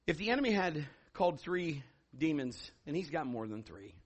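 A man preaching a sermon, swinging from loud shouted declarations to low hushed storytelling. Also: sing-song, normal speed. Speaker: pastor.

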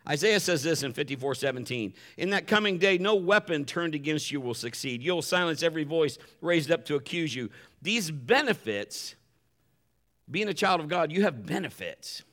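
A man's voice: on the high side, animated, moderate pace, fairly bright tone. A pastor preaching a sermon in a conversational way, acting out the voices he quotes.

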